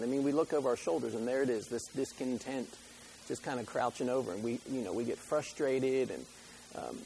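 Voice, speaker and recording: A man's voice: medium pitch, dark tone, a little hiss or hum, poor audio. A middle-aged man preaching a sermon in a conversational, joking way, full of rhetorical questions. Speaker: pastor.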